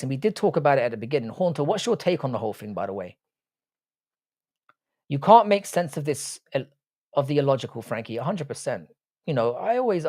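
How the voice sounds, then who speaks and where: A man with a mid-range, darkish voice hosts a casual live stream, reading chat comments aloud. He talks bluntly, swears frequently, and rambles with restarts.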